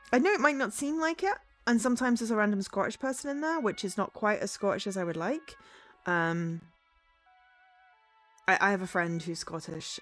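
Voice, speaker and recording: A woman's voice: fairly low pitch, a bit bright. A woman streaming a game, chatting casually in a rambling, easily sidetracked way.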